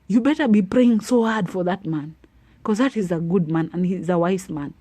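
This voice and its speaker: A woman giving preachy, animated advice to women and retelling a Bible story. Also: lowish voice, moderate pace, slightly rough, no room sound. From Africa. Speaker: advice vlogger. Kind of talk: motivational talk to women.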